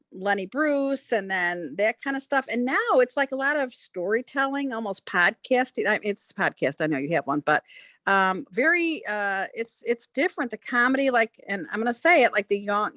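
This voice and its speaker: A middle-aged woman from Chicago tells stories on a casual podcast, rambling and restarting her sentences as she goes. Her voice sits fairly high, and the sound is dry and close with no room around it. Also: normal speed, dry recording. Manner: rambling, restarts, animated quoting. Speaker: stand-up comedian, guest.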